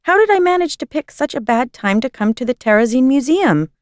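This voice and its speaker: A woman's voice: sits high, big pitch swings, fairly quick, dry recording, studio quality, pitched above the performer's own voice. A woman reading a storybook voices a frustrated young woman scolding herself in a raised voice. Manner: frustrated, self-reproaching. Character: young woman, upset museum visitor, Fumiko.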